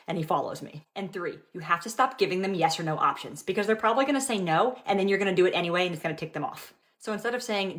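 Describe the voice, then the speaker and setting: A woman's voice: on the low side, fast talker, few pauses. A young woman and mother giving casual parenting tips in an upbeat, instructive way.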